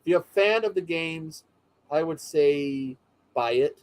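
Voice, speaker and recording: A man's voice: fairly high pitch, a little slow, a little mellow, rough recording. A man hosting a casual watch-party chat, rambling enthusiastically with many restarts.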